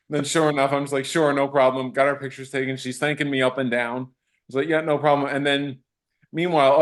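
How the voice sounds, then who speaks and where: A man, an actor being interviewed, telling fan encounters in a casual, animated way, acting out quotes and restarting sentences. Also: mid-range voice.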